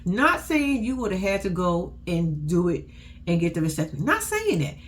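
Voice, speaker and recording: A woman's sing-song voice moves at normal speed as she delivers a blunt, profane, sassy recap of a reality show in casual chat. AAVE features mark her speech, quotes bring big pitch swings, and a little hiss or hum sits underneath.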